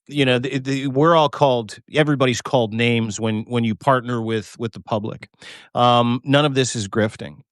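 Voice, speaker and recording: A man's voice: medium pitch, steady tone, normal speed, no room sound, studio quality. A man co-hosting a live video show, talking with fervent, emphatic passion, swearing and repeating himself, choked up with emotion. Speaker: co-host. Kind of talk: passionate live-stream chat. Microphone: remote video call.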